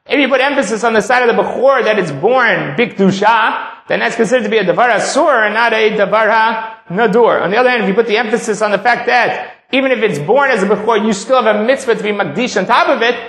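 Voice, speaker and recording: High-voiced man teaching in an echoey room. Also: fast, few pauses, fairly bright tone. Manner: reads a passage, then explains it step by step. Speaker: Talmud teacher. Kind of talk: text study lecture.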